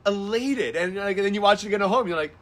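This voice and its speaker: A man's voice: high voice, quick pace, over a noisy crowd. A man chatting as a podcast guest, rambling with many "like"s and restarts. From Israel and the United States. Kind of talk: casual conversation.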